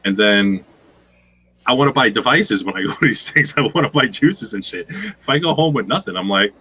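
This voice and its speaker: Man, guest, casual chat, profane storyteller, bright tone, lively pitch. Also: moderate pace, slightly rough, rough recording. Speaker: guest streamer.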